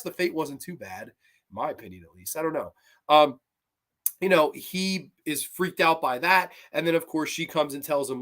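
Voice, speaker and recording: Bright-voiced man, profane casual review. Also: a little high, expressive, moderate pace. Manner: profane, rambling, enthusiastic retelling. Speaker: podcast host. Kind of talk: casual movie review chat.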